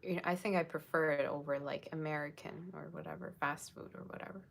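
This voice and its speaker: A woman's voice: deep voice, fairly even intonation, quick pace, vocal fry, fairly bright tone. A woman giving a casual, rambling livestream tarot reading, chatting with viewers and thanking them by name. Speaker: tarot reader.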